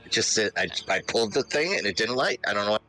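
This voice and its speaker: Animated playful male gamer. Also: on the low side, fast talker, soft background music, low-quality recording. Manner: playful, theatrical describing his character. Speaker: player. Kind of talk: playing a tabletop game online.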